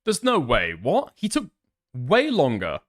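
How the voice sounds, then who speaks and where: Dude reacting to clips, sarcastic, laughs a lot, swears constantly, normal pitch. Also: male voice, wildly swooping pitch, unhurried, a bit bright. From United Kingdom. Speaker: commentary streamer. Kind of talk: casual reaction commentary.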